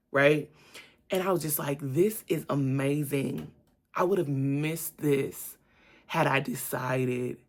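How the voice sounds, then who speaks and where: A woman recounts a personal adventure as a lesson of faith. She speaks casually and with animation, addressing her viewers directly. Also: sits low. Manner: animated, addresses viewers as "y'all", laughs and exclaims often. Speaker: vlogger. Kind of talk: casual faith-based storytelling vlog.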